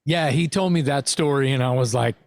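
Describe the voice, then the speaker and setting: A man co-hosting a podcast, chatting excitedly and swearing casually. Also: mid-range voice, a little fast, dry recording, clean studio sound. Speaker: podcast co-host and singer. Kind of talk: casual chat.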